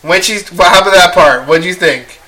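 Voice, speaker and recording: A man's voice: high voice, brisk, a crowd in the background. A young man casually reviewing a movie, swearing freely and rambling with lots of ums. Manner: profane, rambling with many fillers.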